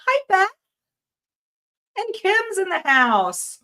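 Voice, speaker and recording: A woman with a somewhat high voice hosts a live craft stream in an upbeat, chatty way. She reads viewer comments aloud and greets each one by name in a casual tone. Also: animated, extremely slow, pauses often, fairly bright tone. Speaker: host of a live jewelry-making stream. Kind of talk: casual livestream chat with viewers.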